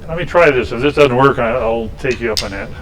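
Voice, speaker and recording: A man's voice: mid-range voice, fast, a bit bright, poor audio. A man in a woodshop, demonstrating woodturning and telling rambling, folksy anecdotes with chuckles. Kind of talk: casual storytelling during a lathe demo. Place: woodshop, indoors.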